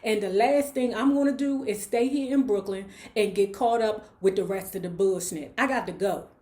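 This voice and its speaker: A blunt, dismissive streetwise young man, as a woman reads him from a novel. He brushes things off in a plain, mid-pitched voice. The room adds a roomy echo. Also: moderate pace, mellow, natural voice.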